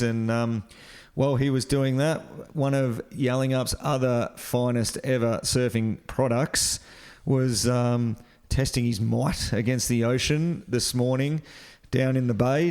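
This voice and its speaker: A man's voice: mid-range voice, darkish tone, clean tone. An Australian man hosting a surf podcast, talking in a laid-back, rambling way with plenty of fillers. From Western Australia. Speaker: podcast host. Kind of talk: casual interview chat.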